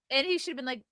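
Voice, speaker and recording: A woman's voice: very high-pitched, sharp tone, no echo. A woman hosting a podcast, laughing often and teasing her guest with playful questions. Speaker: podcast host. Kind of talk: casual chat.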